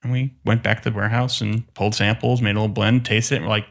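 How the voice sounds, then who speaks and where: Guy from texas telling a story on a podcast, low-ish voice, acts out the quotes. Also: fast, creaky. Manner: animated, acts out quoted reactions. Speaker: distillery co-owner, guest. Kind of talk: casual storytelling in a podcast interview.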